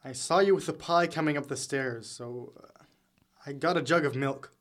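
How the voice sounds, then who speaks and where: A man's voice: fairly high pitch, moderate pace, a bit bright, close to an everyday voice. A young man acting a teasing, offhand frat brother in a college audio drama.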